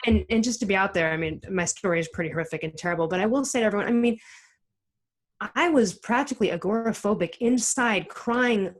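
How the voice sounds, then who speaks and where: A middle-aged woman, a guest author on a podcast, telling her story in an animated, emphatic way with many restarts. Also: mid-range voice, fast, low-quality recording. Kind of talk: casual interview chat.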